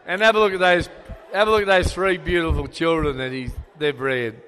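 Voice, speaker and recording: A man's voice: on the high side, steady tone, normal speed, a bit bright, slight background noise. An older man with an Australian accent giving a rambling, sentimental father-of-the-bride speech, full of fillers and restarts. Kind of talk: wedding speech. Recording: long hall reverb.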